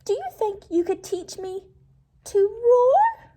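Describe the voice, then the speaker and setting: A woman voicing a tiny, timid male mouse with a high, squeaky voice in a read-aloud storybook. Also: sing-song, takes it slowly, mellow, full character voice.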